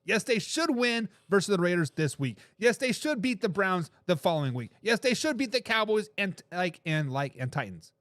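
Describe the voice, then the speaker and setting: Male sports talk host, high and very animated pitch, emphatic and repetitive, dry close sound. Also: normal speed, few pauses, no echo. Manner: emphatic, repeats his points; laughs between remarks. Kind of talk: casual sports commentary, reading viewer comments.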